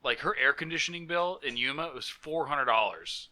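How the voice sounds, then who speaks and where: Bright-voiced laughing podcast man. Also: fairly high pitch, animated, normal speed. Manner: laughing, joking storyteller. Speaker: podcast co-host. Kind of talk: casual chat and reading a mock news story. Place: living in Florida.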